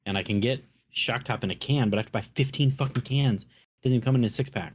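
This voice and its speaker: A man's voice: medium pitch, quick pace, husky. A man with a Minnesota accent telling stories and chatting casually on a podcast, profane and laid-back. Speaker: podcast co-host. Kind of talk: casual chat.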